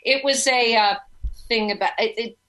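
Female actress guest, chatty storyteller, bright crisp voice. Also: fairly high pitch, moderate pace, low-quality recording. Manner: animated storyteller, breaks into sung parody. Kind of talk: interview chat, telling anecdotes.

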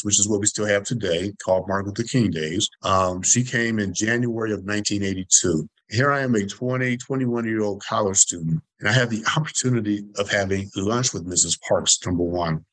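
A man's voice: on the low side, dry recording, poor audio. A man in his sixties from Detroit, telling stories as an interview guest in an earnest, passionate way with emphatic repetition. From Detroit, USA. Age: 60s. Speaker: guest, former student body president. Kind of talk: interview storytelling.

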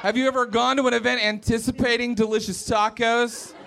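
A man's voice: extremely high pitch, level tone, brisk, creaky, noisy background. A young man from West Virginia doing a stand-up set in a comedy club, telling wry stories and acting out what people said. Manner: wry storytelling with acted-out quotes.

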